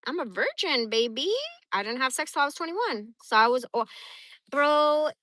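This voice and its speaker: A woman in her forties telling stories from her life on a livestream, blunt, animated and full of swearing. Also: high voice, normal speed, no echo. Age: 40s. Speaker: livestream host. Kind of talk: casual storytelling.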